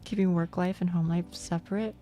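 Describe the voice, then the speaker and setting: A woman's voice: on the low side, steady tone, a little fast, warm tone. A young woman streaming, chatting casually with viewers, rambling and swearing with frequent laughs.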